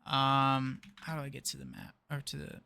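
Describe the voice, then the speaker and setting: Gravelly young man muttering through a game. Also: medium pitch, monotone, moderate pace, bright, forceful tone, slight background noise. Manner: thinking aloud, muttering. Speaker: gaming video creator. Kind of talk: casual let's play commentary.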